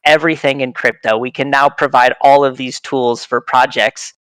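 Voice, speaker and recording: A man's voice: mid-range voice, fairly even intonation, normal speed, a bit bright, clean tone, dry recording, rough recording. A man from a project team explaining his product in a casual online AMA, eager and often checking in with "right?". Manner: enthusiastic, leans on "right?".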